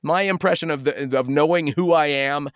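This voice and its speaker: A man in his forties chatting as an interview guest, telling stories with lots of energy and dipping into quick impressions. His voice sits a touch high for a man. The sound is dry and close, with no room in it. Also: clean tone, no room sound. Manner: animated storytelling, slips into impressions. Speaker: voice actor, guest. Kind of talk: casual interview chat.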